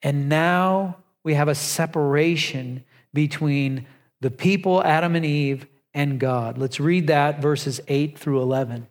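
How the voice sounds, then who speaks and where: A man preaching a sermon, telling the story with lively, pleading emphasis. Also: a little high, measured pace. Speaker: pastor. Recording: long reverb of a large hall.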